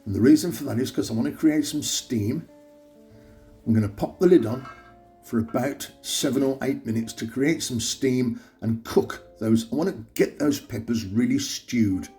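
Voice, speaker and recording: A man with a mid-range voice and moderate pace hosts his own cooking show, chatting cheerfully as he walks through each step of a recipe. Soft guitar music plays in the background.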